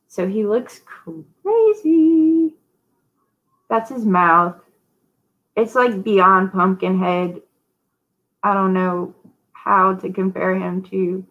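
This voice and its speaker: A woman's voice: on the low side, a bit bright, highs cut off. A woman hosting a casual live-stream sale, chatty and rambling, greeting viewers by name. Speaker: host of a live online sale.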